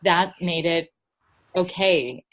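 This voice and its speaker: A woman's voice: on the low side, takes it slowly, a bit bright. A middle-aged woman speaking as a guest, telling a personal story in an open, rambling way with frequent laughs.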